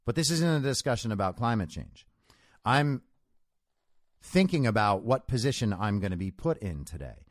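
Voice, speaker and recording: Lively, animated male show host. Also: on the low side, normal speed, dry recording, studio quality. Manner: conversational, storytelling, emphatic. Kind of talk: solo commentary monologue.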